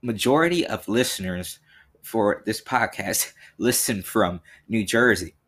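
A man's voice: on the low side, unhurried, fairly bright tone. Rambling young male podcast host. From Tennessee. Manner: rambling, earnest, many fillers and restarts. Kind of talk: solo podcast monologue.

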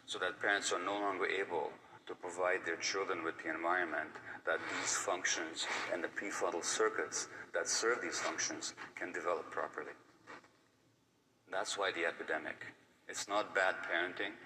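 A man's voice: sits low, fairly even intonation, normal speed. An older man giving an earnest conference talk, stressing and repeating his key points. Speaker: lecturer. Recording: distant mic with faint background noise.

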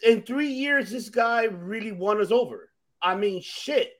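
High-voiced guy hosting, gets loud and swears a lot, laughs easy. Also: lively intonation, measured pace. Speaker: podcast host. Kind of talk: casual chat.

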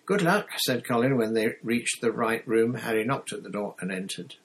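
A man reading a novel aloud in a steady narrating manner, with occasional slips and restarts. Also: mid-range voice, moderate pace, husky, poor audio. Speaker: audiobook reader. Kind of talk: storybook narration.

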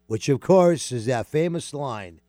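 A man's voice: fairly high pitch, normal speed, dry recording, clean studio sound. A man hosting a radio talk show, chatting casually and often filling gaps with "uh" and "you know". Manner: relaxed, with many fillers.

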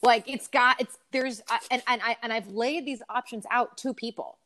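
A woman co-hosting a casual podcast, telling stories in an animated, swearing rant. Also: fairly high pitch, moderate pace. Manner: animated storytelling with frequent swearing. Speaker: podcast co-host. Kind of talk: casual ranting chat.

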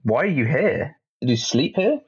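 Man playing an earnest young trainer, gravelly. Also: mid-range voice, very animated, normal speed, muffled recording, voice pushed up, exaggerated voice. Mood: puzzled.

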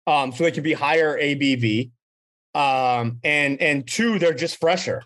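A young man co-hosting a podcast, telling profane, animated stories in casual chat. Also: a little high, measured pace. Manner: profane, animated storytelling with acted quotes. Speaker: podcast co-host.

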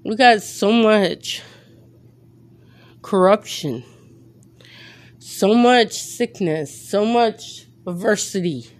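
A woman's voice: medium pitch, lively intonation. Breathless woman hosting a faith podcast. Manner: earnest, preacherly, halting with fillers. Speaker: podcast host. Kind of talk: faith podcast monologue with prayer.

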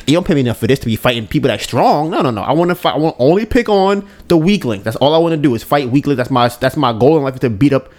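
A man's voice: medium pitch, lively intonation, very fast, few pauses, a little mellow, lightly acted. A man voicing an older male anime bully who bluntly boasts about wanting to fight only weak people. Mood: smug.

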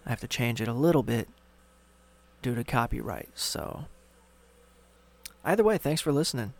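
A man's voice: mid-range voice, animated, moderate pace, gravelly, long pauses. Casual rambling male podcaster. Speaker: podcast host. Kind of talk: solo podcast monologue. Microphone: studio microphone.

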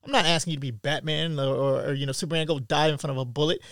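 A young man delivering a casual, profane commentary monologue. He swings from loud, high outbursts to low mutters. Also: fairly even intonation, very fast, no room sound, clean studio sound.

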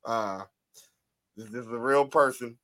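An American man co-hosting a casual wrestling podcast, excitable and quick to react with loud exclamations. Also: mid-range voice, dry recording. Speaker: podcast co-host. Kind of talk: casual chat.

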